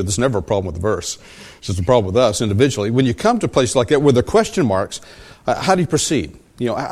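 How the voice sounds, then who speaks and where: A man's voice: mid-range voice, a little mellow. A man preaching a sermon as pastor, teaching verse by verse and often repeating and rephrasing his questions to the congregation. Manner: asks the congregation for assent.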